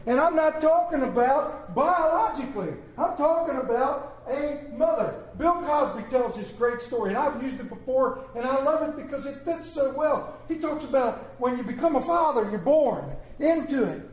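A man's voice: very high voice, lively intonation, moderate pace, hardly any pauses, roomy sound. A man preaching a sermon, telling stories with humor and calling for responses. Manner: storytelling with humor, call and response. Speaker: pastor.

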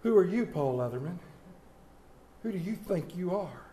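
Man doing a stern rebuking voice, blunt questions, fairly high for a man, echoey church room. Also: animated, normal speed, mellow. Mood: stern rebuke. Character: stern man scolding a proud follower.

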